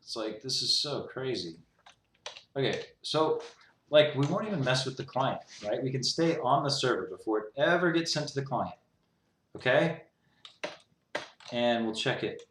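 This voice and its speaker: A man's voice: medium pitch, lively intonation, moderate pace, long pauses, fairly bright tone, a little hiss or hum. A young man with a mid-range voice talks through his code in a loose, rambling way, peppering everything with "like." He sounds exasperated. The recording carries a noticeable roomy echo. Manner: exasperated, rambling, heavy use of "like". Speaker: programmer streaming his coding. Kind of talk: casual talk-through while coding.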